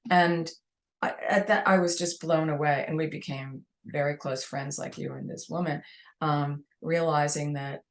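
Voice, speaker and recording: A woman's voice: deep voice, steady tone, normal speed. A woman with a New York accent, a guest telling long, rambling anecdotes in a casual interview.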